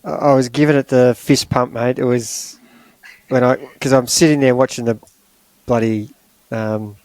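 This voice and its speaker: A middle-aged man, a coach and podcast host, talking in a halting, emotional way with many pauses and fillers. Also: mid-range voice, fairly even intonation, a little mellow, no echo. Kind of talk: podcast conversation.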